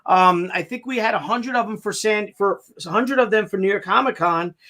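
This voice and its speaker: High-voiced rambling American man. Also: fairly quick, bright, forceful tone. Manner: rambling, jokey, stumbles over words. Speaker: comic artist hosting a crowdfunding update. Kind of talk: casual chat.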